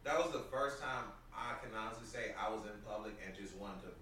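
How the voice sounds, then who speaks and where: A man's voice: lowish voice, fast talker, far from the mic. A man chatting casually on a podcast, telling stories with lots of slang and laughter. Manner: animated, laughing storyteller, heavy slang. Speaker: podcast co-host. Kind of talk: casual chat. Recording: very echoey room, off-mic, faint noise.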